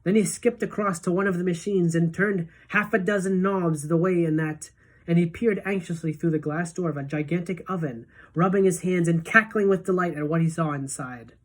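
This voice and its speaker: A woman teacher reading a children's novel aloud to her class in a steady, even storytelling voice. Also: lowish voice, normal speed.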